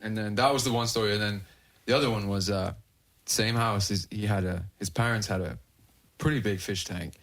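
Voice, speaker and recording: Lower-pitched man with a bright, swearing storytelling voice. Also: steady tone, fairly quick. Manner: swears constantly, laughing through his own story. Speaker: podcast host. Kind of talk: casual storytelling. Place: podcast studio.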